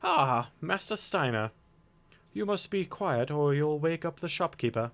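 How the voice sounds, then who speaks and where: A man voicing a kindly elderly male scholar who speaks formally and gently, with lively intonation. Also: on the high side, unhurried, gravelly, pitched above the performer's own voice, heavily acted. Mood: hushed.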